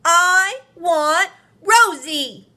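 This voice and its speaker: A woman voicing a stubborn, upset little boy in a storybook, loud and pleading. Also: extremely high pitch, expressive, very slow, voice pushed up, full character voice. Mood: insistent.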